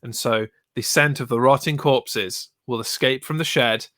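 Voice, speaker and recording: Bright-voiced man joking on a podcast. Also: medium pitch, normal speed, no echo, studio quality. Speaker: podcast co-host. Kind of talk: casual chat.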